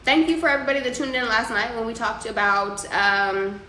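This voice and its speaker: A woman's voice: a little high, brisk, sharp tone. A young woman hosting a casual livestream, reading viewer comments and giving loose, profane advice. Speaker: livestream host. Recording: echoey room with faint ambient noise.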